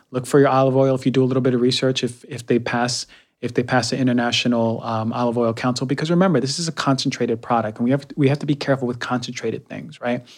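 A man hosting a podcast, talking casually and reviewing products, repeating himself with fillers. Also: mid-range voice. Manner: chatty, repeats words, many fillers. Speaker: podcast host.

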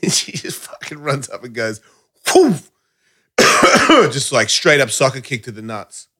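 A man telling stories on a casual podcast, his voice bright and forceful. He swears constantly and leaps high in pitch whenever he acts out what someone else said. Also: moderate pace. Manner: profane, animated, jumps high when quoting people. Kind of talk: casual storytelling chat.

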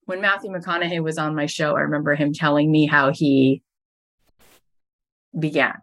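A woman's voice: sits low, steady tone, normal speed, fairly bright tone. A middle-aged woman, a podcast host and business coach, telling stories as a guest in an interview and building each anecdote to its punchline.

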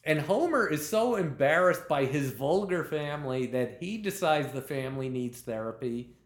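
A man with a fairly high voice tells showbiz anecdotes in an interview. He gets animated, laughs mid-sentence and acts out quotes, and the room around him rings with echo. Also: normal speed. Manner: lively storyteller, laughs while talking, acts out quotes. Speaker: television comedy writer and producer, guest. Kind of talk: conversational anecdote-telling.

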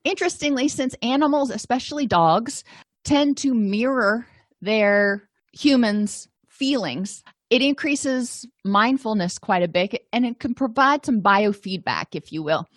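A woman's voice: fairly high pitch, animated, a little slow, dry recording, studio quality. A woman giving a recorded counseling lecture, conversational and full of everyday examples and asides. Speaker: counselor and podcast host. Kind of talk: recorded continuing-education lecture.

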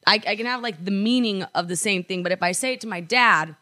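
Young woman, bright tense voice, chatty with lots of likes, dry close sound. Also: mid-range voice, fast, no room sound. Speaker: podcast co-host. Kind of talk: casual chat. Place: apartment.

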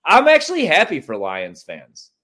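A man from Chicago trading sports picks on a talk show. He swears constantly and throws out blunt opinions, and his pitch swings widely as he gets worked up. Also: normal speed. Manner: profane, animated and opinionated. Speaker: sports radio host. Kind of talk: casual sports chat.

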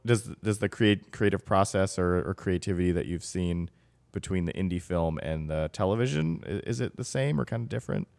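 A man's voice: deep voice, fairly quick, gravelly, darkish tone. A man co-hosting a podcast in casual chat, rambling and self-deprecating. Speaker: podcast co-host.

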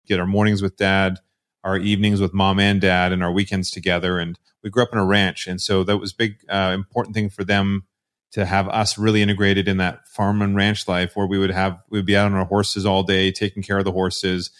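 A man's voice: sits low, little pitch movement, brisk, a bit bright. A man from Canada, a podcast guest telling rambling stories with frequent restarts. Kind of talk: casual interview storytelling.

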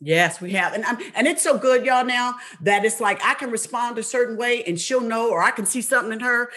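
A woman hosts a talk show in a husky voice. She speaks earnestly and with emphasis, casual and direct with her guest. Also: fairly high pitch, brisk, fairly bright tone.

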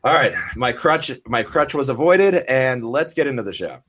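A man's voice: mid-range voice, animated, normal speed, a bit bright. A man hosting a podcast, chatting casually and joking, with lots of fillers. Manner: jokey, laughing, filler-heavy. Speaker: podcast host.

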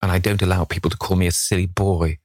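Guy reading a vain boyish young victorian gent, petulant, voice pushed up higher than his deep own, dry sound. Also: flat delivery, fast, darkish tone, dry recording, close to an everyday voice. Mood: eager.

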